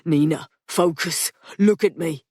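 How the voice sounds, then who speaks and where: Casting: a gruff male gangster, slow, firm, forceful, as a woman narrator puts him on. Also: low-pitched, steady tone, dry recording, clean studio sound. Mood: commanding. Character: rough, commanding male gangster.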